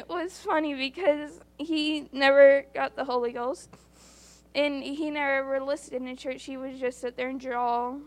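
High-voiced earnest young woman giving testimony. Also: a bit bright. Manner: rambling, earnest, acts out quoted dialogue. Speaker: church member giving testimony. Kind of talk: spoken testimony in church.

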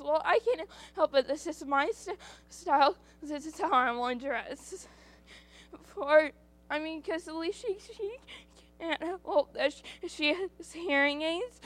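High-pitched woman, earnest church testimony, rambling storyteller who voices the people she quotes. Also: measured pace. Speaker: church member giving testimony.

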